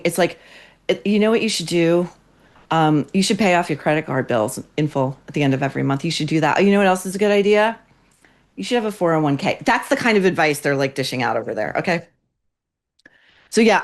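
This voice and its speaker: A woman hosting a commentary podcast, ranting bluntly with profanity and biting sarcasm. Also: on the low side. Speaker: podcast host. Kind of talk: opinionated commentary.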